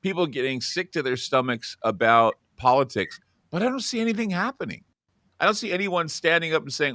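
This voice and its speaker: A man hosting a talk show, chatting casually about politics in an animated way, his voice jumping up when he quotes people. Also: brisk, no room sound, clean studio sound. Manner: animated, voice jumps high when quoting people. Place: Oregon studio.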